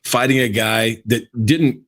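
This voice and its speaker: A man's voice: mid-range voice, unhurried, a bit bright. A man co-hosting a casual sports podcast, emphatic and repeating his points for effect. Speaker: podcast co-host.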